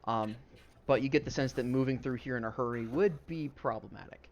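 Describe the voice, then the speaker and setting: A man's voice: mid-range voice, a little fast, slight background noise. A man narrating as game master of a tabletop game, describing scenes in a loose, rambling way full of fillers.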